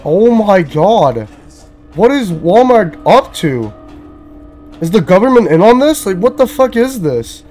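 A man giving casual, excitable gaming commentary, swearing and frantically repeating himself as the action heats up. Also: high voice, measured pace, soft background music. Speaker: gameplay commentator.

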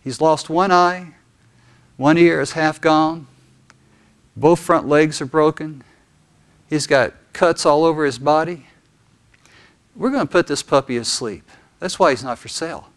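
A man voicing a gentle pet shop owner explaining calmly to a boy. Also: on the high side, unhurried, long pauses.

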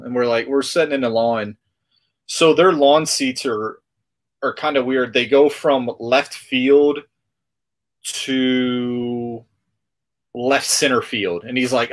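Man, podcast host, casual storytelling, rambling, filler-heavy, mid pitch. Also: takes it slowly. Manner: rambling, animated retelling with filler words.

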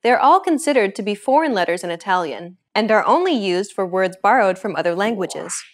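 A woman hosting a language lesson, reading a script with a clear, upbeat teacher's delivery. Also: mid-range voice, animated, a little fast.

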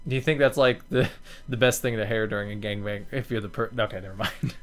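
A man's voice: lowish voice, fairly even intonation, brisk, faint music behind. A man giving casual commentary as he plays a game, chatty and profane, easily amused and talking to his viewers. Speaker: let's play host.

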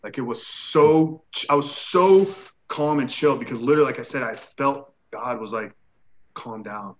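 A man's voice: medium pitch, moderate pace, poor audio. A man who is a guest on an interview show, telling a personal story in a casual way. He acts out the dialogue he quotes and uses many "like" fillers.

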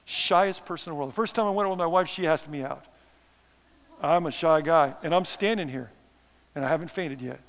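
Self-mocking preacher in a reverberant hall. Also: male voice, on the high side, brisk. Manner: conversational, self-deprecating, sarcastic asides. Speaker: missionary preacher. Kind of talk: sermon. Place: church sanctuary.

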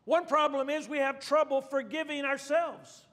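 A pastor preaches with fervor, circling back on his phrases and restarting lines. His voice sits unusually high for a man. It rings out with a long reverb, as if recorded in a church sanctuary. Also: normal speed, fairly bright tone. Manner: fervent, repetitive preaching with restarts. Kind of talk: sermon.

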